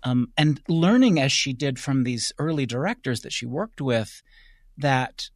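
A man hosting an interview, asking measured questions and laughing easily. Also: mid-range voice, expressive, dry recording, studio quality. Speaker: interviewer and host. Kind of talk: radio-style interview.

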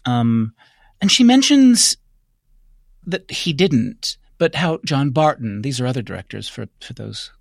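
A man's voice: medium pitch, very animated, a little slow, gravelly, dry recording. Dry-sounding man hosting an interview. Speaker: interviewer, host. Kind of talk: interview presenting and questioning.

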